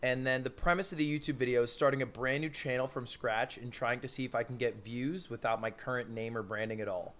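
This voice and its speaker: A man narrating his own vlog with confident, energetic delivery, heard as a clip played on a livestream. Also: mid-range voice, a little fast, few pauses. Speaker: YouTuber explaining his channel challenge.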